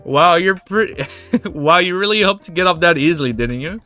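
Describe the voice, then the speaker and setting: A man's voice: high voice, expressive, normal speed, pushed and bright, soft background music. A man doing a sneering, smug young swordsman. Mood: scornful.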